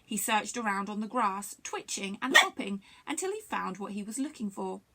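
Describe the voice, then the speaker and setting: Gravelly, animated woman reading a children's story. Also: medium pitch, moderate pace, slight background noise. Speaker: library story reader.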